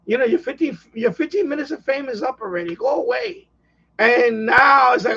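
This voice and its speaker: A man's voice: extremely high pitch, sing-song, normal speed, bright, forceful tone, breathy edge. A man hosting a casual live stream chat, rambling and exasperated as he rants. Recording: dull lo-fi live stream audio.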